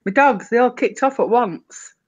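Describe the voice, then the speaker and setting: A woman chats offhandedly over a video call during a live stream. Her voice sits a little high. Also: expressive, moderate pace, highs cut off. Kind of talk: casual chat.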